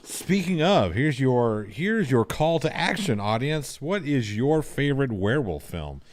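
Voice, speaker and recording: A man's voice: medium pitch, sing-song, unhurried. A man co-hosting a horror podcast, steering the talk and making dry, joking asides in casual banter. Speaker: podcast co-host.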